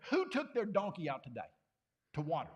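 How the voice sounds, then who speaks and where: A man's voice: a little high, wildly swooping pitch, brisk. A man voicing a firm male religious teacher who confronts a crowd with a pointed question. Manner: firm, raised, challenging.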